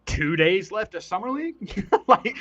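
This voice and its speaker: A man doing casual, excitable play-by-play commentary on a live stream, chatty and quick to laugh. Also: high-pitched, no room sound, muffled recording.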